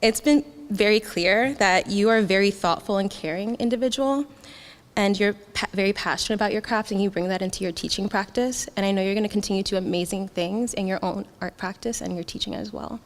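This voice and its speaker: A young woman gives a graduation speech in a hall with a long, ringing reverb. She talks in a heartfelt way, with frequent small laughs. Her pitch sits in the middle for a woman. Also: brisk. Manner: heartfelt, laughs often, gets emotional. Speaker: graduating student speaker.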